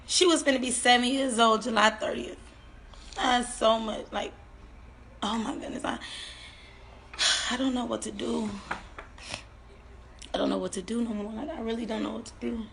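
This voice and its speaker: High-voiced woman, tearful and halting. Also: gravelly, fairly bright tone, slight background noise. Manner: halting, repeats phrases, trailing off. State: tearful, on the verge of crying. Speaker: bereaved mother. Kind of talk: emotional personal testimony.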